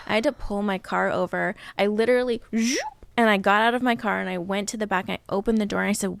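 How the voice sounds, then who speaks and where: A woman guest, a healer, talking openly and earnestly in a relaxed interview chat. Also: fast, creaky, no echo. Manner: open and earnest, speaks of deep peace.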